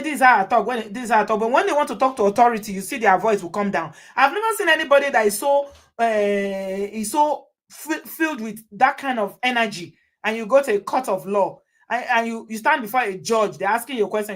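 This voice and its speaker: A woman's voice: on the high side, animated, brisk, few pauses. A woman hosting, giving advice to viewers in an emphatic way and repeating her points. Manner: emphatic, repeats phrases for effect. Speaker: host.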